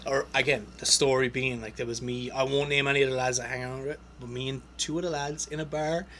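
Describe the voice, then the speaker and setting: Podcast host guy, bright punchy voice, sweary and animated, casual chat with a mate. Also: mid-range voice, quick pace, a little hiss or hum. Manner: swearing, animated storyteller with laughs.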